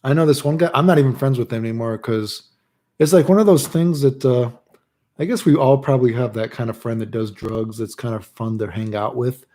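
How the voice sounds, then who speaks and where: A man's voice: medium pitch, a little fast, warm tone. A man streaming and telling stories in casual chat, rambling loosely and saying "dude" all the time. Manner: rambling, says "dude" constantly; loose, laid-back delivery with restarts.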